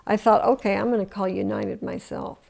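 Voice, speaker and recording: A woman's voice: mid-range voice, level tone, a little fast, creaky, darkish tone. An older woman in an oral history interview, telling her story with emotion, restarting often and acting out the voices she quotes. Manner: emotional retelling with many restarts.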